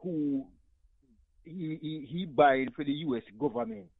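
Jamaican caller, patois, passionate and rambling, slightly high voice, dry tinny phone sound. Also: male voice, expressive, measured pace, gravelly, slightly rough, dry recording. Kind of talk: call-in radio talk.

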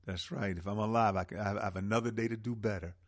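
A man hosting a call-in radio talk show, speaking with an impassioned, preaching cadence and slow, emphatic stresses. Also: on the low side, fairly even intonation.

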